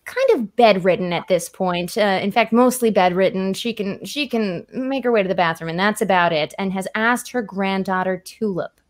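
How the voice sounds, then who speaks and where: A woman's voice: medium pitch, moderate pace, few pauses. A woman narrating a tabletop horror game as game master, chatty with many fillers.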